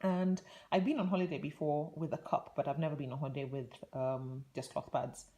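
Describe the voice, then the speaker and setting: A young woman with a low, deep-set voice tells a story to camera in a chatty, rambling vlog style. She laughs often as she talks and drifts between asides. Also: steady tone, a little fast, warm tone. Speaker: vlogger. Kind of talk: casual storytelling.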